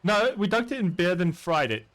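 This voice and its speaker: A man chatting casually while gaming, animated and swearing freely. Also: high-pitched, normal speed. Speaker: streamer playing a game.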